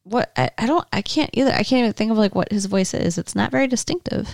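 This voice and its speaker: Female co-host, animated pitch, teasing and dry, keeps steering the casual review chat back on track. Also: fast, vocal fry, dry recording. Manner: teasing, tries to steer the talk back to the movie. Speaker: podcast co-host. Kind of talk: casual movie-review banter.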